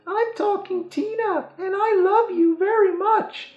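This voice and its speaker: A man voicing a sweet little girl talking doll that turns quietly menacing, in a high, slow, sing-song voice. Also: fairly even intonation. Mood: sweetly menacing. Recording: roomy, slightly dull audio.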